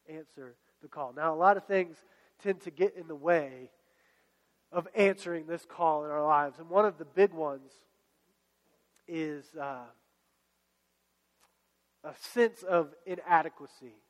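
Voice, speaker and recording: A pastor preaching a sermon to his congregation in a fairly high voice. He speaks in an exhorting way and circles back to repeat his key phrases. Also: unhurried, long pauses, long reverb tail, low-quality recording. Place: church.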